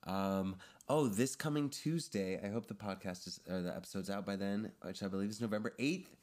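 A man talking as a guest on a podcast, loose and chatty, with a slightly low-pitched voice. He strings his thoughts together with a constant "like". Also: fairly quick, a little mellow. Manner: chatty, fills speech with "like". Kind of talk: casual chat.

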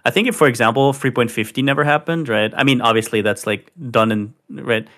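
A man in a casual gaming chat, relaxed and slangy. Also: medium pitch, fairly quick.

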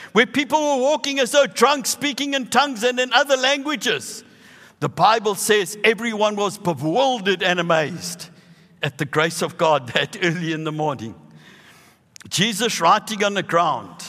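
A man in his sixties with a South African accent, preaching a sermon with animated, emphatic bursts. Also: high voice, big-room sound. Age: 60s.

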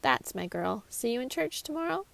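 A chirpy, probing grandmother sleuth from a storybook mystery, as a woman reads her part. Her voice sits a little high with a gravelly edge, and she questions people in brisk bursts. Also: very animated, a bit bright, no echo, exaggerated voice. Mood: cheerful. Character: warm, cheerful grandmother amateur sleuth.

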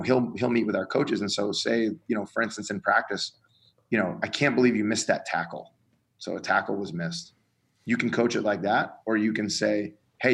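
Gravelly low-voiced coach talking. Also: male voice, a bit bright, poor audio. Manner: earnest, explains with acted-out examples. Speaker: college strength coach. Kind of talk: casual podcast conversation.

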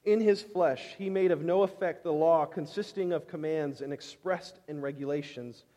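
Emphatic preacher in a reverberant hall. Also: male voice, fairly high pitch, moderate pace. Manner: emphatic preaching, swinging between loud and hushed. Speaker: pastor. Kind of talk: sermon.

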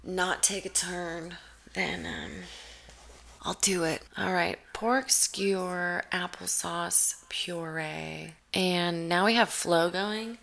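A woman's voice: on the low side, vocal fry, bright, forceful tone. A woman giving casual reaction commentary while watching a show, sarcastic and profane, with rambling asides.

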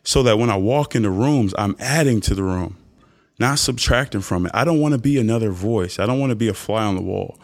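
A young man hosting a podcast, giving an earnest, preachy, faith-based motivational talk that often jumps into high mock voices for emphasis. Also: fairly quick, vocal fry. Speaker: podcast host.

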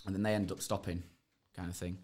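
A man's voice: deep voice, flat delivery, quick pace, darkish tone. A young man, a podcast guest who tells his fight stories in rambling casual chat, laughing and swearing often.

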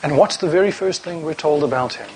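A man's voice: a little high, animated, brisk, slight background noise, rough recording. A man preaching a sermon to a congregation, reading scripture aloud and asking rhetorical questions.

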